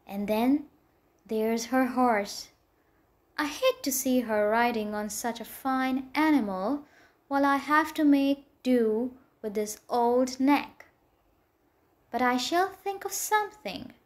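Spiteful jealous storybook maid, sneering and rude, a woman voicing her, high voice. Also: slow. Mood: scheming. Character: spiteful scheming young maid, envious.

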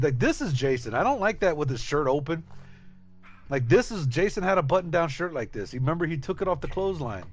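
A man chatting casually and profanely to viewers while streaming a game, rambling and joking. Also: a little high. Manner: loose and profane, rambling, jokey. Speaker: gaming streamer. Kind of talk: casual live-stream chat.

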